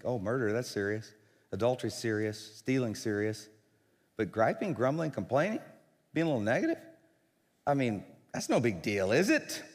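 Animated pastor preaching in a reverberant church. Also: male voice. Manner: animated, swings from low earnest to loud urging. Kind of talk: sermon. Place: church sanctuary. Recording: long hall reverb.

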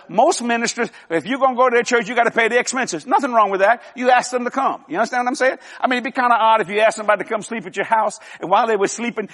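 An older man delivers a sermon from the pulpit in a folksy, emphatic way, mixing jokes into his preaching. His voice sits high for a man, and it rings out through a large church hall with a long reverb trailing behind each phrase. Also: fairly bright tone. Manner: folksy, emphatic, joking with laughs. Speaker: televangelist preacher.

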